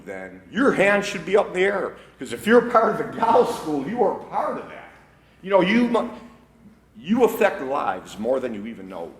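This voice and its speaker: Animated older man telling stories, echoey room. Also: mid-range voice. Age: 60s. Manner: animated anecdotal storyteller, laughs at his own stories. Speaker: wrestling coach and educator. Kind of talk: motivational storytelling speech to school faculty. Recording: echoey room, faint background noise.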